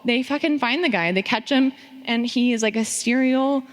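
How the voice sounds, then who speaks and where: A young woman from Phoenix tells a family story on a theater stage, animated and profane, acting out the lines she quotes. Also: fairly high pitch, moderate pace. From Phoenix, Arizona. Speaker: audience member sharing a story on stage. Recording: long theater reverb.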